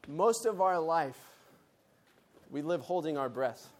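A man's voice: a little high, lively intonation, takes it slowly, a little hiss or hum. A man speaking at a conference meeting, giving a Bible lesson and leading the audience in call and response. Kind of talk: Bible lesson with group exercise.

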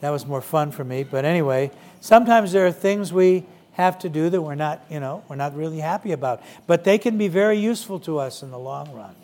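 A man's voice: fairly high pitch, a little fast, few pauses, darkish tone. A middle-aged man preaching a conversational sermon to young people, with frequent "you know" fillers.

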